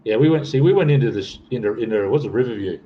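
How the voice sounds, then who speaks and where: Joking older Australian bloke, lo-fi. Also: male voice, medium pitch, animated, very fast. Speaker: guest on a livestream. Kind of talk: casual chat. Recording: dull lo-fi with faint noise.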